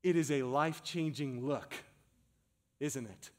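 A man preaching a sermon as pastor, building to emphatic repeated calls and easing into a hushed, slower prayer. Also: mid-range voice. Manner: slows and softens into a hushed prayer.

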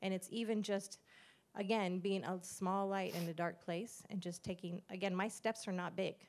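A middle-aged woman shares a church testimony in an earnest, conversational way. She speaks at an ordinary, middle pitch and acts out the lines she quotes from others. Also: fairly even intonation, normal speed, a little mellow. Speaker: pastor's wife sharing a testimony.

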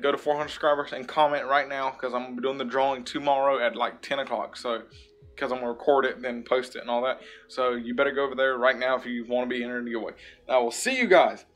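A man's voice: medium pitch, fairly even intonation, fast talker, fairly bright tone. A man hosting a casual gaming video at home, reviewing in-game shop items in a rambling, upbeat way and repeating his praise often. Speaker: gaming YouTuber host. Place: home room.

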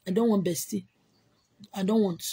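A woman with a Nigerian accent hosting a casual livestream, answering viewer comments in an emphatic, repetitive way with loud exclamations. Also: medium pitch, steady tone, moderate pace, husky. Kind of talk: casual chat.

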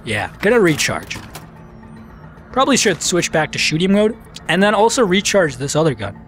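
A man's voice: high voice, wildly swooping pitch, normal speed, a bit bright, soft background music. Man joking through gameplay commentary. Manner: joking, self-mocking, talks to enemies on screen. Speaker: let's play commentator.

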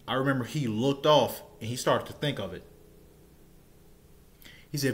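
A man's voice: medium pitch, lively intonation, normal speed, long pauses. Man rambling through a casual storytime. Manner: rambling, repeats and restarts words. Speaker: storytelling vlogger. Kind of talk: casual first-person storytime.

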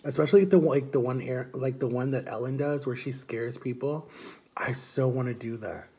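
A man's voice: mid-range voice, normal speed, darkish tone. A man chatting casually and upbeat in a vlog, filling his talk with "like". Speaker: vlogger.

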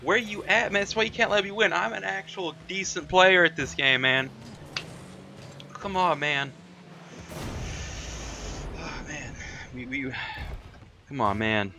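A young man giving excited, trash-talking commentary while playing a video game, tossing "man" and "mate" into nearly every line. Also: fairly high pitch, measured pace, gravelly, long pauses, background noise. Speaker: gamer. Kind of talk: live gameplay commentary.

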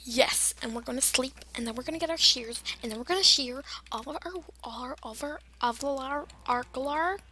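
A woman's voice: high-pitched, brisk, few pauses, sharp tone, a little hiss or hum. A young woman chatting and rambling through casual gameplay commentary, giggling and wandering off on silly tangents. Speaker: gamer.

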